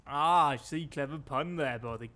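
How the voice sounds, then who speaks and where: A British man streaming and talking over his gameplay, his voice sitting a little higher than most men's. He keeps up a loose, chatty running commentary and drops dry, wry remarks. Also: normal speed, sharp tone. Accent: British English.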